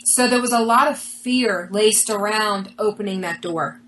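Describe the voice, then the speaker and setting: A woman's voice: medium pitch, unhurried, a little hiss or hum, rough recording. A woman being interviewed, earnestly telling a personal story and acting out the dialogue as she goes. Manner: earnest, animated retelling with quoted dialogue. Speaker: interview guest.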